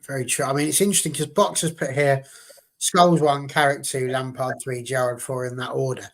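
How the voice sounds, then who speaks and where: A man's voice: mid-range voice, fairly even intonation, brisk, a bit bright, slight background noise. A man from England hosting a casual football fan chat, leading the questions in a chatty way. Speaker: podcast host.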